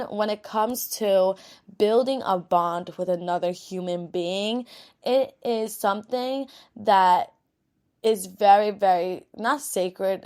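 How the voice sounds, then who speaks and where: Tired New York woman giving a pep talk. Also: mid-range voice. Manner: candid, rambling, swears freely. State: tired after a workday. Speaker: podcast host. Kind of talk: casual self-help pep talk.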